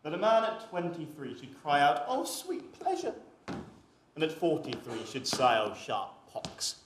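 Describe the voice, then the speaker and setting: A witty young gallant plotting a ruse, voiced by a man in a live stage play. He declaims his verse in a slightly high voice, and the theatre hall rings with heavy echo. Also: wildly swooping pitch, unhurried. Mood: scheming. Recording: very echoey stage with faint noise.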